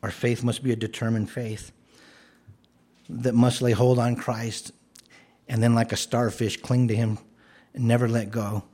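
A man with a husky, slightly breathy voice preaches an earnest sermon. He explains scripture plainly, then rises to forceful declarations before easing back to a gentle tone. His pitch sits in a normal middle range. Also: little pitch movement, unhurried, long pauses. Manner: earnest, rises to emphatic commands then drops soft.

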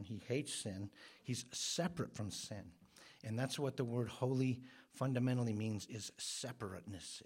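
A man preaching a sermon as pastor, earnest and emphatic, growing louder on the words he stresses. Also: mid-range voice, slightly rough.

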